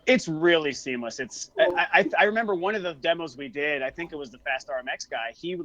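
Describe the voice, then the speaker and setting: An eager man talking fast in a casual chat, tripping over his own words as he goes. His voice sits a little high for a man. The sound is dull and lo-fi. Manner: excited, restarts a lot. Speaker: guest.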